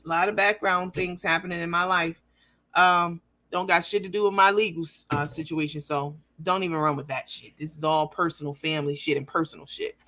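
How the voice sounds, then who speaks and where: A woman's voice: on the low side, fairly even intonation, fairly quick, sharp tone. A woman hosting a livestream, reading viewer comments aloud and talking bluntly and profanely in a mocking, emphatic way.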